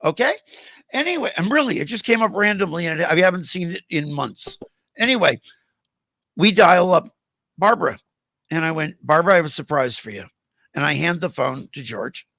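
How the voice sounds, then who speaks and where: A man's voice: high-pitched, sing-song, moderate pace, creaky, sharp tone, no echo. An older man hosting a podcast, telling rambling anecdotes full of restarts and acted-out quotes over a video call from a home room. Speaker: podcast host. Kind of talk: casual storytelling chat.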